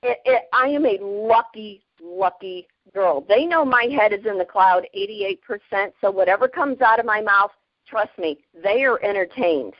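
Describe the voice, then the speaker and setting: A woman in her fifties, a podcast guest, telling stories in a lively, plainspoken way, often breaking into laughter. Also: mid-range voice, moderate pace, dry recording, muffled recording. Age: 50s. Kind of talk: casual storytelling.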